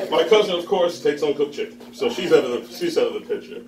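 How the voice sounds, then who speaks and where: A man in his thirties rambles through an open-mic story in a fairly high, animated voice, breaking into laughter at his own lines. He sounds a little far from the mic in a roomy bar, with a crowd reacting around him. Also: fairly quick, very noisy. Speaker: stand-up comedian. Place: bar with live audience.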